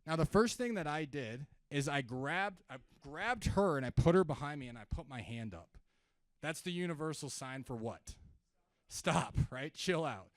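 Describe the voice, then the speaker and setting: A man's voice: fairly high pitch, normal speed, dry recording. A young man giving a sales seminar to a live audience, joking with the crowd and acting out phone calls in contrasting tones. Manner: energetic, jokey, acts out calls in contrasting tones. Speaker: sales trainer. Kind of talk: live seminar talk with role-played calls. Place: event room, speaking to audience.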